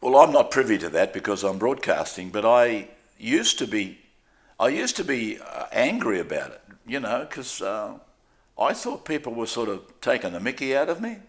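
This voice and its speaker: An older Australian man, a sports broadcaster, telling stories in a candid, self-deprecating way during a relaxed interview. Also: medium pitch, moderate pace.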